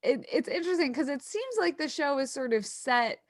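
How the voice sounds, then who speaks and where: A woman's voice: high voice, lively intonation, brisk, no echo, clean studio sound. A woman co-hosting a podcast in casual chat, laughing often and hesitating with fillers. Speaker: podcast co-host.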